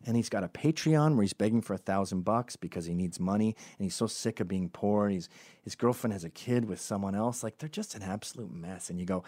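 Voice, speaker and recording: A man's voice: fairly low pitch, a little fast, mellow. A male host giving sarcastic, mocking commentary on voicemails he plays.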